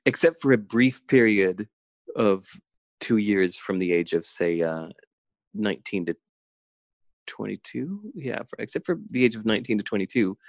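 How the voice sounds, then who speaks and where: A middle-aged man talking casually in an interview, intense and animated, with many filler words. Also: on the low side, dry recording. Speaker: guest. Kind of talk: casual conversation. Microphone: remote call.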